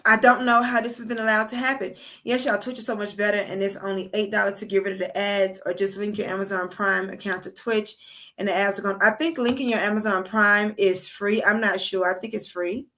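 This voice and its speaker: A woman with a mid-range, fairly bright voice speaks briskly with fairly even intonation while hosting a political livestream from abroad as she travels. Her casual commentary turns into a heated, profane rant.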